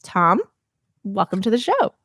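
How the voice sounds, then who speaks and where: A woman's voice: medium pitch, huge pitch swings, measured pace, gravelly, a bit bright, breathy edge, dry recording. A woman hosting a podcast, chatting in a bubbly, casual way and laughing often. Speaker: podcast host. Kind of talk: casual interview chat.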